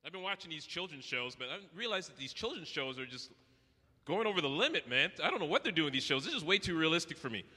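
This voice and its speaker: A man from Canada works a live venue with a brash, profane comedy routine full of acted-out voices. His delivery is fast and sing-song, his voice a little high with a sharp tone, and the echoey hall carries faint noise.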